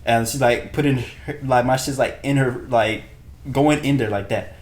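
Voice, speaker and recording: Young man rambling through a story. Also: normal speed. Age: young adult. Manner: rambling, repeats phrases, slangy; drops to a hushed low voice for spicy parts. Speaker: streamer. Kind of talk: casual storytelling.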